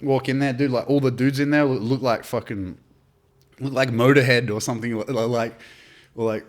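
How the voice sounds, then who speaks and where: A man's voice: medium pitch, fairly even intonation, moderate pace. Australian guy, podcast guest, loose rambling yarn, swears constantly, mid-range voice. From Adelaide, South Australia. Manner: rambling, heavy swearing, lots of "like" and "dude". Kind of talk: casual storytelling chat.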